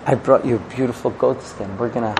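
A man's voice: mid-range voice, fairly even intonation, fast talker, gravelly, darkish tone, slight background noise, voice pushed down, natural voice, poor audio. A man voicing a simple, eager shepherd husband who speaks cheerfully.

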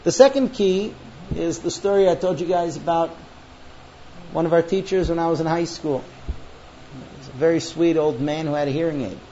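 Animated high-voiced man teaching a class. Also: normal speed, long pauses, slight background noise. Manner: animated storyteller acting out quoted voices. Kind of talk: classroom lecture on marriage. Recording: dull lo-fi recording with faint ambience.

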